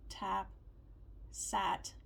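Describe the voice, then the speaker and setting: A woman teaching vowel sounds, reading word lists aloud slowly with calm pauses. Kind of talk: slow word-by-word vowel practice.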